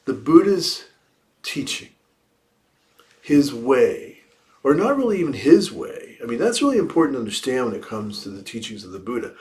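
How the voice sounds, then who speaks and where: A man's voice: medium pitch, big pitch swings, moderate pace, a little mellow. A man giving a dharma talk as a Buddhist teacher, reflective, often posing rhetorical questions and repeating key phrases for emphasis. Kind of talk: dharma talk after meditation. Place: livestreamed evening service.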